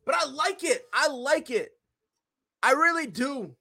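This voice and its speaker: Young guy podcast rant, swears a lot, super animated, bright voice. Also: very high-pitched, measured pace. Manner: profane, fired-up, slangy and emphatic. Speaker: podcast host. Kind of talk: opinionated casual podcast rant.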